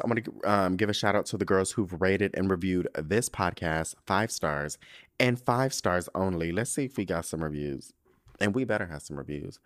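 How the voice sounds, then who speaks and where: A man hosting his own podcast in a casual solo monologue, sassy and profane with plenty of slang and laughter, sounding weary and stressed. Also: low-pitched. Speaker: podcast host.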